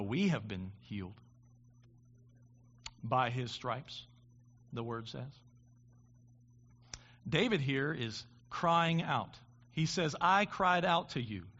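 A man's voice: mid-range voice, a bit bright, husky. Man preaching a sermon, lo-fi. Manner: halting restarts, builds to impassioned preaching. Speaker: pastor.

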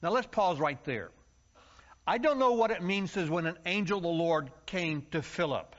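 A preacher tells his story in a folksy, lively way. His voice sits a little high for a man. The recording sounds muffled and lo-fi. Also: moderate pace. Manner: storytelling, folksy and animated, acts out shouting congregants. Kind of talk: sermon. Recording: muffled low-fidelity sound.

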